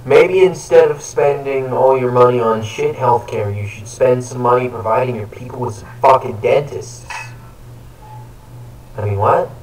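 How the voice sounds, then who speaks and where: A man's voice: medium pitch, moderate pace, darkish tone. A man chatting casually during a game, teasing and sarcastic, with crude swearing. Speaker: gaming co-host. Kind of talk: casual gaming chat. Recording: echoey room, distant mic, faint noise.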